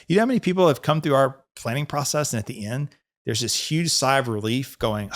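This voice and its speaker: A man in conversation on a financial advice podcast. His voice sits at an ordinary pitch for a man. His delivery is easygoing and chatty, full of laughter and small restarts as he explains things. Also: animated, brisk. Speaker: financial advisor, podcast host. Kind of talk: casual advisory podcast chat.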